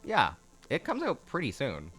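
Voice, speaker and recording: Bright-voiced, joking male game streamer. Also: medium pitch, huge pitch swings, slightly rough, soft background music. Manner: joking, teasing, quick asides. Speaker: co-host streamer. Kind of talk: casual gaming chat.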